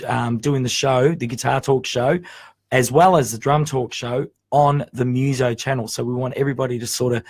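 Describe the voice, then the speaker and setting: A man's voice: medium pitch, steady tone, normal speed, darkish tone, dry recording. A man hosting a casual radio talk show in a chatty, joking way.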